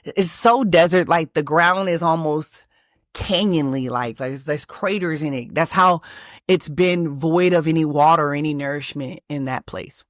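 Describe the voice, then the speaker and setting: A woman from Texas, hosting her own channel and telling a personal story in a lively, emphatic way with many restarts. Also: low voice, measured pace, no room sound, clean studio sound. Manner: animated, emphatic, lots of restarts and fillers. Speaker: manifestation channel host.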